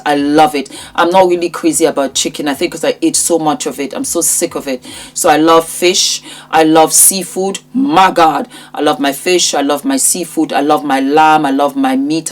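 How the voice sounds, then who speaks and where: Emphatic woman in her fifties, lower voice. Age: 50s. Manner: emphatic, repeats phrases for effect. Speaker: lifestyle YouTuber. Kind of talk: direct-to-camera vlog chat.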